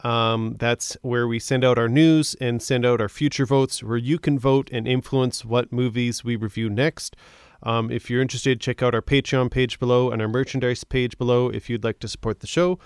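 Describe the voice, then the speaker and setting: Clear-voiced upbeat podcast host. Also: male voice, medium pitch, dry recording, clean studio sound. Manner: laughs easily, upbeat reactions. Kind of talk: casual chat.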